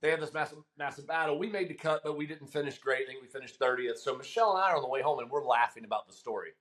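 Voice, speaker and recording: A middle-aged man, a guest caddie, telling a long story in casual chat, animated and laughing, with frequent ums. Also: medium pitch, rapid-fire.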